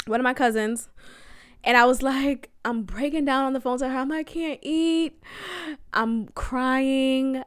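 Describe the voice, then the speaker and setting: A woman's voice: high voice, smooth, no room sound, clean studio sound. A young woman hosting a podcast, telling a personal story in a chatty way, often laughing and talking straight to her listeners. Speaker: podcast host. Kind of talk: casual storytelling monologue.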